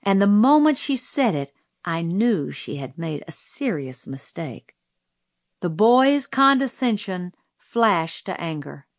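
A woman reading a novel aloud as a storybook narrator, in a measured, deliberate way. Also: lowish voice, very animated, dry recording, clean studio sound. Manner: slow, measured, deliberate delivery. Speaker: audiobook reader.

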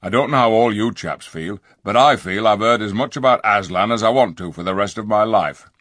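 A black-bearded dwarf, surly and full of scorn, jeering in a rough, common way, as a man puts him on. The voice sits a little above the reader's own and pushes louder, with a husky grain in a dry, close recording. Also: lowish voice, fairly quick, no echo. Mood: sneering. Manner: gruff, jeering, working-class speech.

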